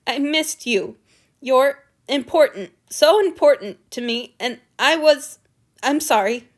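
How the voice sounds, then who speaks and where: A woman voicing an ancient male god who is awkward and anxious, speaking in a tense, halting, stiff way. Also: sits high, expressive, voice pushed up. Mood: tearful.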